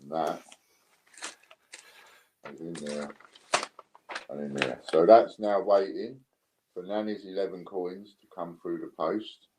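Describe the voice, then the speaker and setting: A British man hosting a casual live stream, relaxed as he counts down bids. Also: deep voice, slow pace, pauses often, slight background noise, rough recording. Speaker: live stream host running coin auctions.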